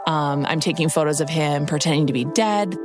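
A woman's voice: low-pitched, brisk, music in the background. A woman guest casually telling a personal story with wry humor, saying "like" again and again.

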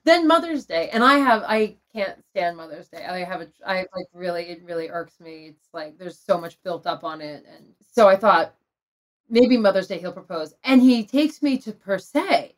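A woman's voice: lowish voice, expressive, measured pace. A woman telling a personal story candidly and with feeling, laughing between lines. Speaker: guest telling her love story.

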